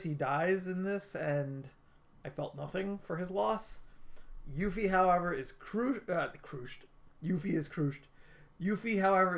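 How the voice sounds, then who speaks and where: A man giving a casual, rambling game review, full of filler words and restarts. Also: a little high. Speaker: gaming video creator.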